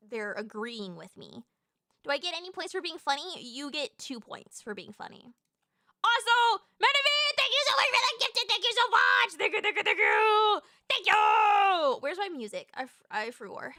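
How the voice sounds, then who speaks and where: A woman's voice: sits high, sharp tone, no echo, clean studio sound. A woman streamer in casual, bubbly, profane chat with her viewers.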